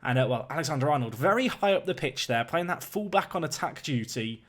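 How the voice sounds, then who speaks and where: Speaking briskly in a voice on the higher side, a young man offers animated commentary on a football management game, getting more and more worked up as major chances appear.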